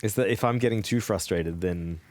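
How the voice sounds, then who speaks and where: A man live-streaming a video game, chatting with viewers, excitable, laughing and swearing often. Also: low voice, a little fast, noisy background.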